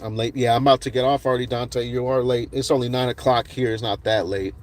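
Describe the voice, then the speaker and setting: A man's voice: mid-range voice, fairly even intonation, fast. A man hosting a casual livestream outdoors at night, rambling with many fillers and greeting viewers by name. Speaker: livestream host.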